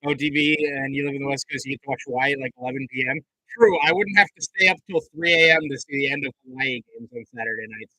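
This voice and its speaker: A man's voice: medium pitch, quick pace, sharp tone, dry recording, poor audio. A young man doing live play-by-play commentary on a stream, chatting casually with viewers between plays. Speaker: livestream commentator.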